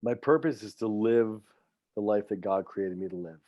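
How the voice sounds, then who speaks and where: A man's voice: lowish voice, moderate pace, darkish tone, no echo, lo-fi sound. Heartfelt middle-aged man, coach. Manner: heartfelt, faith-filled, repeats words when moved. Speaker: high school football coach and teacher. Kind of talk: emotional podcast interview.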